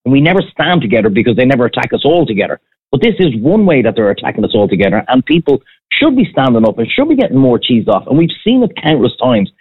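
A man's voice: mid-range voice, very animated, quick pace, slightly rough, narrow, tinny audio. An Irish man, a former restaurant owner, ranting emphatically in a heated casual chat.

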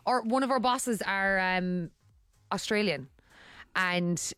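A woman's voice: medium pitch, slow pace, fairly bright tone. A female radio co-host in casual studio chat, encouraging and giggly. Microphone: studio microphone.

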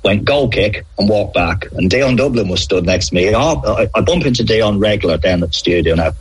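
Husky, low-pitched man, middle-aged, lively storyteller, on radio. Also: fairly quick, rough recording. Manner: animated anecdotes, acts out quoted players. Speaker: former referee, interview guest. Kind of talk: conversational interview storytelling.

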